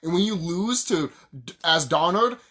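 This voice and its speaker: A young man on a casual video rant, swearing as he goes and laughing in bursts. His pitch swings widely from low grumbles to excited highs. He keeps repeating himself to hammer the point home. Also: a little slow. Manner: heated, profane, laughs often, repeats himself. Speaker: YouTuber ranting about games.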